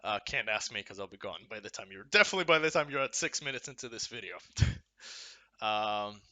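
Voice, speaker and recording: Young man, bright forceful voice, rambling, profane, casual vlog to camera. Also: lowish voice, lively intonation, brisk. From Ukraine. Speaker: gamer.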